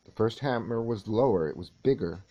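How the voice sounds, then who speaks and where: A man teaching a course, lecturing and telling a story in a measured, unhurried way with halting restarts. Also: fairly low pitch, expressive, dark tone, lo-fi sound. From California.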